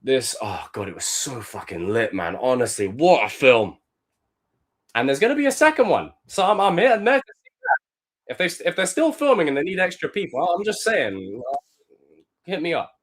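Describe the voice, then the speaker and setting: A young man live-streaming, reacting to film clips with animated, profane commentary and sudden loud outbursts. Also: fairly high pitch, normal speed.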